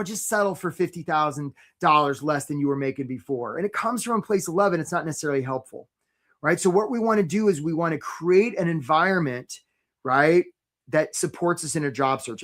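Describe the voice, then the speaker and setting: A man hosting a live career-coaching webinar, talking in an energetic, chatty way and often asking "right?". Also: fairly high pitch, fairly quick.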